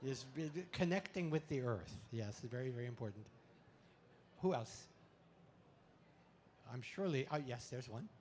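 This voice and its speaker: A man giving a playful talk to an audience at an expo, full of deadpan puns and laughter exercises, speaking into a handheld mic. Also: medium pitch, normal speed, long pauses, slight background noise. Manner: pun-filled deadpan jokes. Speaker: comedic spiritual speaker.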